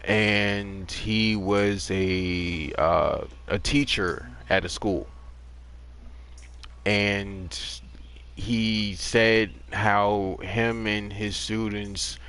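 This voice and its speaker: Blunt, slow-talking man in his thirties. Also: fairly low pitch, a bit bright. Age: 30s. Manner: blunt, profane, sarcastic. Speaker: gaming livestreamer. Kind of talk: casual ranting commentary on a livestream.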